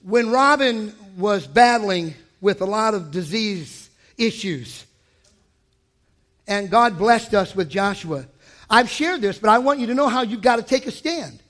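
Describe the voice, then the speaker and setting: A man preaching a sermon as pastor, swinging from hushed asides to shouted declarations. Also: high-pitched, lively intonation, measured pace. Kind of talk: energetic sermon.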